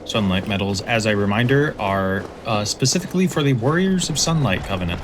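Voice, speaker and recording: A man hosting a let's play, explaining game mechanics in a relaxed, casual way with dry humor. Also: lowish voice, brisk, background noise. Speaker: host, let's play commentator. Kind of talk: casual gameplay commentary.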